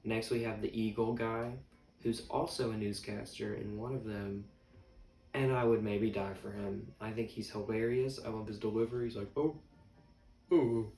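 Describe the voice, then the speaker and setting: A man's voice: fairly low pitch, little pitch movement, normal speed, a little mellow. A man chatting casually as a vlogger, rambling and joking at his own expense. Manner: rambling, jokey, self-mocking. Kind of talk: casual chat. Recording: echoey room, mic at a distance, faint music.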